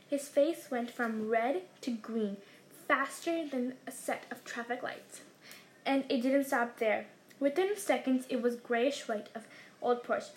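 A woman reading a storybook aloud in an expressive storytelling manner. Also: a little high, measured pace. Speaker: reader.

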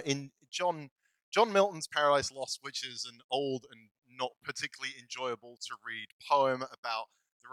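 A man's voice: medium pitch, pushed and bright, clear, resonant tone, dry recording, poor audio. A male pastor giving a casual, self-deprecating sermon, laughing often as he talks. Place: church.

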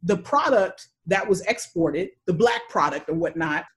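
A woman from the United States telling a travel story in casual chat, animated and acting out the voices of the people in it. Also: on the low side, unhurried.

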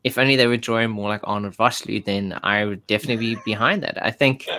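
A man's voice: lowish voice, steady tone, quick pace, pushed and bright. A man chatting casually as a podcast co-host, hesitant with many ums and restarts. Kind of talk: casual chat.

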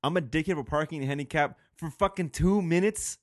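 A man's voice: on the high side, a little fast, no echo, studio quality. A man co-hosting a show, talking in crude, rambling casual banter, swearing a lot and laughing often. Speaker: podcast co-host.

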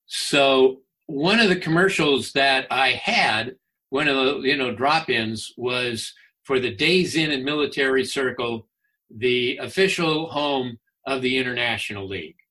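A man in his sixties, a guest on an interview, telling baseball stories in a chatty, animated way and laughing often. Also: medium pitch, a little slow. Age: 60s. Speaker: guest, former baseball announcer. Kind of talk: casual anecdotal storytelling.

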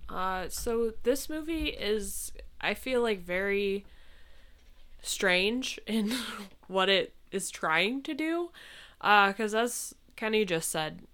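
A woman's voice: mid-range voice, animated, takes it slowly, fairly bright tone, smooth. A woman co-hosting a casual movie review chat, talking hesitantly with many "uh"s and "I guess". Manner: hesitant, frequent "yeah" and "uh". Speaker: podcast co-host.

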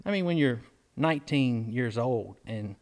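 A man's voice: mid-range voice, expressive, measured pace, darkish tone. A man, from Mississippi, co-hosting a casual chat and rambling through stories with acted-out quotes. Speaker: podcast co-host.

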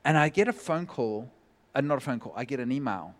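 A man preaching a sermon, telling a personal story in a lively way and acting out the voices of the people in it, at a church meeting. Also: mid-range voice, fairly quick. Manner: lively, acts out quoted voices. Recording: long hall reverb.

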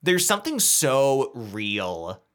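Bright-voiced man on a podcast. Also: mid-range voice. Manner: animated, retells scenes with quick quoted voices. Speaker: podcast co-host. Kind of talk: casual chat.

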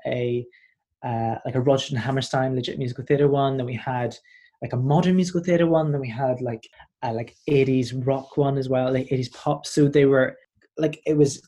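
A young man in his twenties with a Northern Irish accent, telling stories as a performer guest in a casual interview. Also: medium pitch. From Northern Ireland. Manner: animated, rambling storyteller.

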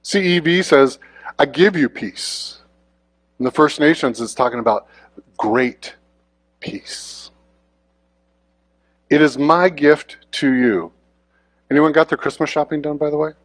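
A man's voice: on the high side, brisk, no room sound. A man giving a conversational sermon as a guest preacher, informal and often checking in with the congregation.

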